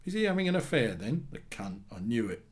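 A man's voice: medium pitch, very animated, a little fast, natural voice. A man voicing an angry young man in his twenties who swears bluntly and bitterly about his father.

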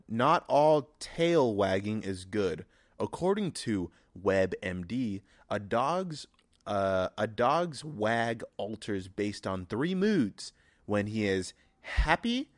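A young man hosting a solo podcast, crude and sarcastic, full of profanity, who now and then breaks into mock shouting. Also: fairly low pitch, dry recording, studio quality. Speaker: podcast host. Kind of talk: solo comedic podcast rant.

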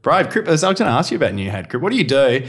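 A man's voice: medium pitch, very animated, racing. A man with an Australian accent, co-hosting a horse racing podcast in casual, rambling banter with easy laughs. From Western Australia. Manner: chatty, laughs easily, rambling asides. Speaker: racing tipster, co-host.

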